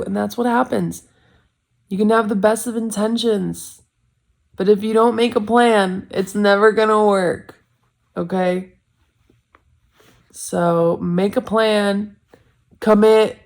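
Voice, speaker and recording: A woman's voice: medium pitch, gravelly, a little mellow. A woman in her twenties talking candidly to camera in a casual vlog, blunt and self-critical, rambling with lots of "like". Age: 20s. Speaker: vlogger.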